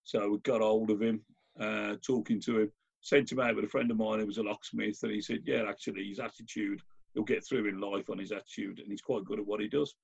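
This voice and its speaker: A man talks in a casual chat, his voice gravelly and a little husky. He tells stories with lively restarts. The audio is dull and lo-fi. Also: on the low side, fairly quick. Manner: animated storyteller, many restarts. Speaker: guest. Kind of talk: casual conversational anecdote.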